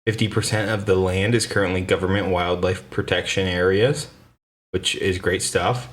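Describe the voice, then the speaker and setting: A man's voice: low-pitched, fairly even intonation, moderate pace. Easygoing, rambling man hosting a podcast. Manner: rambling, easygoing, stumbles and restarts. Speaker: podcast host. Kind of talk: casual chat.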